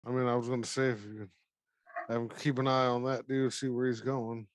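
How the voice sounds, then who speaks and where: A man's voice: mid-range voice, little pitch movement, fairly quick, dry recording, studio quality. A man playing in a tabletop game, thinking aloud in a tentative, casual way. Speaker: player.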